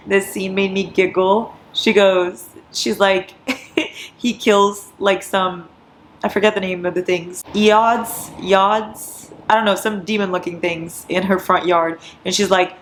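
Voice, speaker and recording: In a casual vlog, a woman with a medium-pitched voice and moderate pace talks through her sleepless night of reading. She's excitable and giddy, laughs often, and swears, with slight noise behind her.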